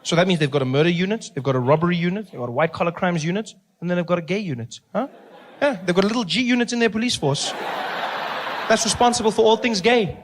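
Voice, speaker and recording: A man with a South African accent doing stand-up, telling animated stories and acting out the people in them. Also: high-pitched, quick pace, a little hiss or hum. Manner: animated storytelling with acted-out voices and laughter. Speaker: stand-up comedian. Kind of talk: stand-up comedy.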